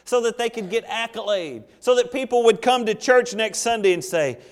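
A man preaching in a church sanctuary with an animated, joking storytelling manner, acting out small scenes as he goes. His voice sits high for a man. A long hall reverb trails behind each phrase. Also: normal speed. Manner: animated, jokey storytelling with acted asides. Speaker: pastor. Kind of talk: sermon.

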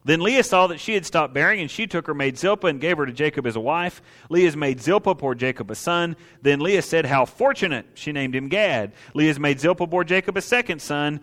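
A man preaching a sermon in a conversational, emphatic way, with rhetorical questions, dry humor and slow stresses on key points. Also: a little high, expressive, a bit bright, long reverb tail.

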